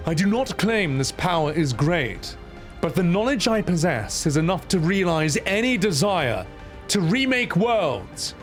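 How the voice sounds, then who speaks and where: A man voicing a pompous, mysterious male guardian behind a gate, with a grand, slow theatrical delivery. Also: high-pitched, sing-song, soft background music. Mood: grandiose.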